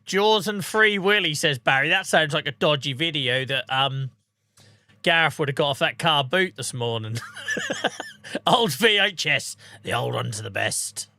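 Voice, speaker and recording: A man's voice: medium pitch, animated, a little slow, vocal fry, pushed and bright. A man chatting casually on a live game stream, bantering, laughing often and answering viewers' messages. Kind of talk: casual live-stream chat over gameplay.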